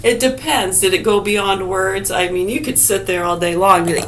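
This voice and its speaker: A woman's voice: mid-range voice, fairly even intonation, normal speed, hardly any pauses, slight background noise. A middle-aged woman vlogging in a casual, sarcastic rant full of swearing. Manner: profane, sarcastic, heated. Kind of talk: casual ranting monologue.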